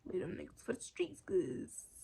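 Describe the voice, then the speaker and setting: A young woman vlogger telling a storytime tale in animated, profane street slang while she smokes. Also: on the low side, moderate pace, creaky, breathy edge. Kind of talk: casual storytime vlog.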